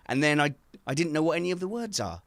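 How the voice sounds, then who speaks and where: A man hosting a casual podcast from his garden shed, self-mocking and animated as he tells stories. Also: fairly high pitch, fast, no room sound. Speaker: podcast host.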